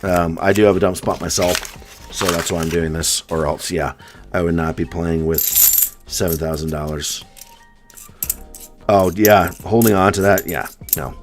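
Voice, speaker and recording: A man's voice: deep voice, steady tone, a little slow, long pauses, over music. A man from the US East Coast hosting a casual live stream, chatting and answering viewer comments one by one. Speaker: coin roll hunting live streamer.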